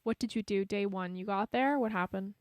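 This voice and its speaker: A woman cinematographer hosting a podcast, telling a story in a lively, chatty way in casual conversation. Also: mid-range voice, brisk, no echo. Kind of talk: casual chat.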